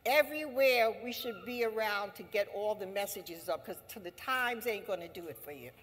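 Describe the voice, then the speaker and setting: A woman labor leader giving an impassioned assembly speech, emphatic and repetitive, rising to forceful exhortation. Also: mid-range voice, moderate pace. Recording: long hall reverb.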